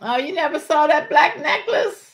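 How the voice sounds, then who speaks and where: A woman's voice: high-pitched, lively intonation, moderate pace. A woman hosting a casual live-stream jewelry sale, chatting freely, calling viewers by name and urging them to order and join her shows. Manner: chatty, calls out viewers by name, folksy Southern-style warmth in words like y'all.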